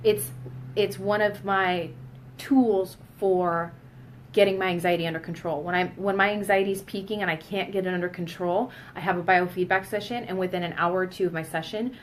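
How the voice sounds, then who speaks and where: A woman's voice: lowish voice, fairly even intonation, normal speed, a little hiss or hum. A woman in her thirties talking candidly in a casual personal vlog, emphatic and blunt, now and then swearing. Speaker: vlogger.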